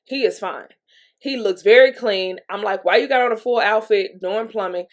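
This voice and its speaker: A woman's voice: medium pitch, moderate pace. A woman vlogger telling a personal story in a candid, chatty way, laughing between lines and sniffling from allergies, with a Southern US accent. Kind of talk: casual storytelling monologue.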